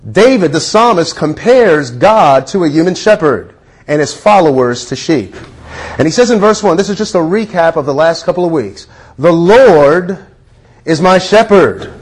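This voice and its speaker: A man with a high voice preaches a sermon. He is earnest and leads his listeners in repeating lines after him. He stretches key words out slowly for emphasis.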